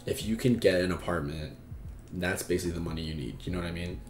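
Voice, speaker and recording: A man's voice: low-pitched, fairly even intonation, fast, echoey room, faint music behind. A man hosting an advice livestream, talking frankly and casually with lots of fillers and swearing. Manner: frank and chatty, swears freely, many fillers. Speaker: advice stream host.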